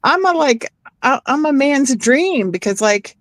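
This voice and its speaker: A woman's voice: high-pitched, unhurried, no echo. Chatty middle-aged woman telling stories. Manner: animated storyteller, acts out quotes. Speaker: chat participant. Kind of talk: casual chat.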